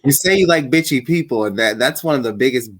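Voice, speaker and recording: A man's voice: mid-range voice, lively intonation, quick pace, fairly bright tone. Easygoing male podcast interviewer. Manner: easygoing, lots of agreeing backchannels. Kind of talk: casual interview chat.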